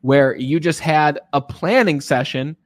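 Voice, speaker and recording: Male interview host, lively storyteller, slightly high voice, dry close sound. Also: a little slow, dry recording. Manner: animated storyteller, frequent tag questions. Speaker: podcast host. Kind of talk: casual interview chat.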